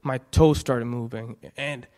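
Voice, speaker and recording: A young man giving an earnest, halting personal testimony in church, full of restarts. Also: mid-range voice, steady tone, darkish tone. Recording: long hall reverb.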